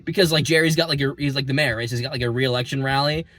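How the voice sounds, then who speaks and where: A young man recapping a movie in a rambling, excitable way, full of fillers and casual swearing, recorded in a parking lot. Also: mid-range voice, racing, no room sound. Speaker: movie reviewer.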